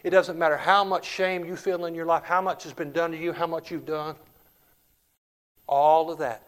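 Male pastor, sermon, fairly high voice, impassioned, loud then hushed. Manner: impassioned preaching, swinging between loud declarations and hushed storytelling.

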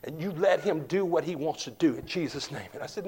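A pastor delivers a sermon in a fairly high male voice. He swings between ringing declarations and quiet, intimate storytelling. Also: animated, moderate pace, few pauses, breathy edge. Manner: impassioned preaching, swinging between loud declarations and hushed storytelling.

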